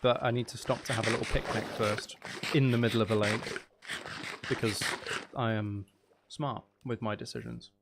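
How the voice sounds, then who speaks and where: A man's voice: lowish voice, fairly even intonation, moderate pace, background noise. A man streaming a video game, chatting to his viewers in a loose, rambling way. He jokes and mocks himself as he plays. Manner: playful, self-mocking, jokey. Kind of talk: casual chat while live-streaming a video game.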